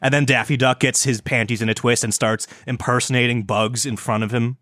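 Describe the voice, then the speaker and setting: A man's voice: medium pitch, fairly even intonation, fairly quick, fairly bright tone, dry recording, studio quality. Rambling, stammering young man on a podcast. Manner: rambling, stammering, swears often. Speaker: podcast co-host. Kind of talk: casual chat.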